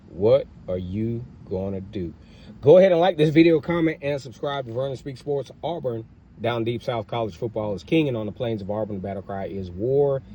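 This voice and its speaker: A man's voice: medium pitch, mellow, slight background noise. A man hosting a sports podcast, talking in a casual, emphatic way and repeating his points. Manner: emphatic, repetitive fan hype with rising outbursts. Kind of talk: casual sports commentary monologue.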